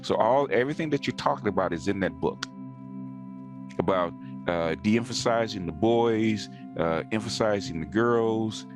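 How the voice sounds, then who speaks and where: A man with a very low voice talks in a casual, insistent way, repeating words to drive his points home. Clear music runs under the conversation. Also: expressive, moderate pace.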